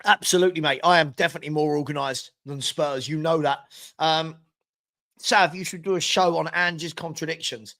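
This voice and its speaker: A young man with a noticeably high-pitched voice hosts a live football watchalong. He talks in a loose, chatty way, reading out viewer comments and answering them off the cuff. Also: steady tone, moderate pace, bright, forceful tone. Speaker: watchalong host. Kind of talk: casual live-stream chat.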